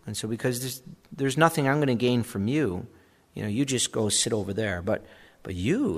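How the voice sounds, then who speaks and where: A man preaching a sermon as pastor, talking in a conversational way and animated with asides. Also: mid-range voice, normal speed, long reverb tail.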